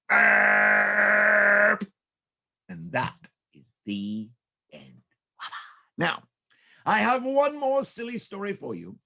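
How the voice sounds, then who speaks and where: Man, children's storyteller, expressive, rhythmic repetition, gravelly, husky. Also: mid-range voice.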